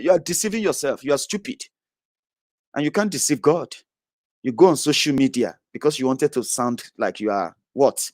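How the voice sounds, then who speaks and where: A man's voice: medium pitch, moderate pace, darkish tone, no echo, clean studio sound. Scornful male commentator. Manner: combative and scornful, many "eh" tags. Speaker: political commentator. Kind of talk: impassioned social media rant.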